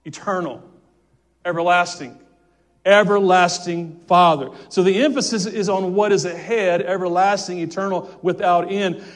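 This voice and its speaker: A male pastor preaching a sermon, fervent and repetitive, with stammered restarts, swinging between loud exclamations and quiet asides. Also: high voice, normal speed.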